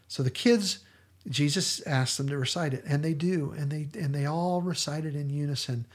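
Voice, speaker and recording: A man's voice: a little high, normal speed. A man hosting a podcast, retelling scenes in an earnest, enthusiastic casual discussion. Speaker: podcast host.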